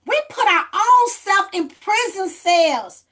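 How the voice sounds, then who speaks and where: A woman's voice: extremely high pitch, lively intonation, slow, a bit bright. A woman hosting a group video call, energetically coaching and coaxing participants, repeating her phrases for emphasis. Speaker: host leading a group session.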